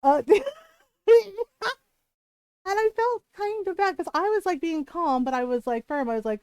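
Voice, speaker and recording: Woman, game streamer, casual chat at home, animated storytelling, swears freely, high voice, dry close sound. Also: a little slow, pauses often, dry recording. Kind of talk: casual chat while gaming.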